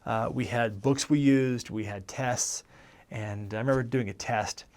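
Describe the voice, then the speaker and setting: An American man in his forties, once a missionary, tells his life story in a casual, meandering way and keeps correcting himself. His voice is medium-pitched and unhurried.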